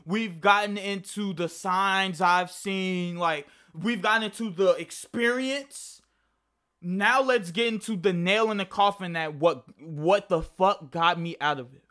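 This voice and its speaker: Bright-voiced young man telling a story. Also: sits high, measured pace. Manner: rambling and profane, with frequent restarts. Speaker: vlogger. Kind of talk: casual storytime.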